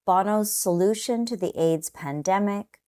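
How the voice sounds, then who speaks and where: A woman narrating a scripted test-prep lesson in a slow, measured, explanatory way. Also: mid-range voice, dark tone.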